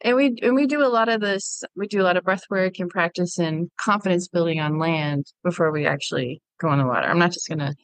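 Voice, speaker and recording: A woman's voice: on the low side, quick pace, few pauses, no echo, rough recording. A woman from Hawaii, a freediving instructor, telling stories in a casual interview and acting out her own past thoughts. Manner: lively, animated storyteller who acts out her past thoughts.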